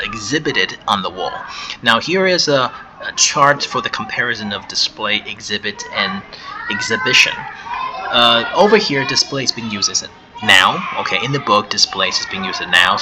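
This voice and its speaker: Patient man teaching vocabulary, noisy recording. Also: fairly low pitch. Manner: patient explaining, repeats words slowly for pronunciation; switches briefly into Chinese for translations.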